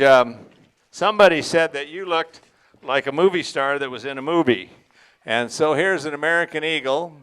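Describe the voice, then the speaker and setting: A man's voice: on the high side, pushed and bright, clear, resonant tone. A man emceeing a student auction, folksy and joking, addressing the crowd as folks. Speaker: auction school instructor and emcee.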